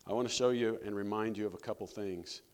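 A man preaching a sermon as pastor, animated, breaking scripture readings with joking asides. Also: lowish voice, fairly quick, clean tone. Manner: animated, jokey asides, reads scripture with rising emphasis. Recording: long reverb of a hall.

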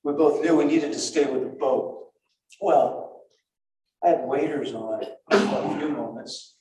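An older man recounting a survival ordeal in a halting, breathless way, full of restarts and repeated words. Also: fairly high pitch, mellow. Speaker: survivor telling his story. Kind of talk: spoken first-person recollection. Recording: very echoey and far from the mic.

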